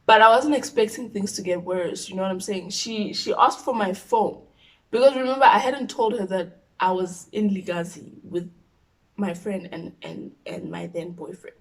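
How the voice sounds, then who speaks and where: A young woman in her twenties with a South African accent, telling a personal story on her vlog in an expressive, animated way. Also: mid-range voice, normal speed. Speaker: YouTuber.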